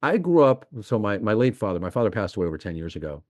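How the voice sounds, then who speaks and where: A man's voice: fairly low pitch, sing-song, fast talker, darkish tone, no room sound, clean studio sound. A middle-aged man, an investment executive talking as a podcast guest, explaining eagerly and piling up examples. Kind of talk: podcast interview.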